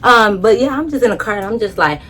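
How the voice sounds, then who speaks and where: A woman vlogger telling a story in a casual, animated, blunt way, swearing freely. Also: on the high side, fast, slight background noise.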